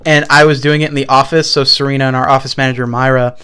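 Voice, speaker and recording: Smooth-voiced young man telling stories. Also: mid-range voice, flat delivery, fast, sharp tone. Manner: rambling storyteller, lots of fillers and swearing. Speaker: podcast co-host. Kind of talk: casual chat.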